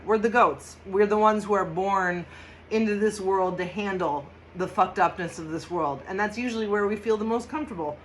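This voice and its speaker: A woman with a mid-range voice hosts a casual tarot and astrology reading, chatty and emphatic, laughing often and bursting into loud mock shouts. The recording is rough, with a little hiss or hum.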